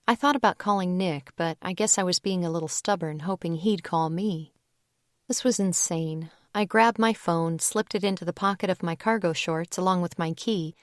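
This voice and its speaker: A woman narrating a young adult audiobook in the first person, relaxed and conversational. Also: fairly low pitch, dry recording, clean studio sound.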